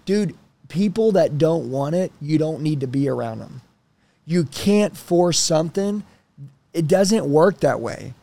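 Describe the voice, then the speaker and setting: A man in his thirties telling personal stories in a casual interview, blunt and animated, swearing freely. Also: on the high side, unhurried, creaky. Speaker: guest.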